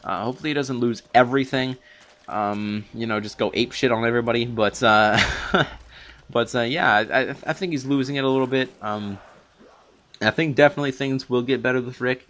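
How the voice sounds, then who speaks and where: A man's voice: mid-range voice, brisk, a bit bright. A young man recapping a TV episode in a long, rambling unscripted review, full of fillers and restarts. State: a little out of breath from long talking.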